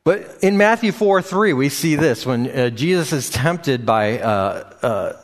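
A man's voice: medium pitch, lively intonation, a little slow. A man preaching a sermon in a loose, unscripted way, with frequent fillers and restarts. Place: church or meeting room with a screen behind him.

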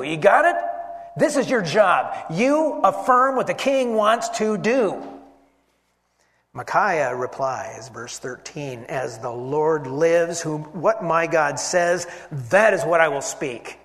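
A man teaching a Bible passage as a sermon, animated, voicing the quoted figures and swinging from loud emphasis to hushed asides. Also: fairly high pitch. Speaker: preacher. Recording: long hall reverb.

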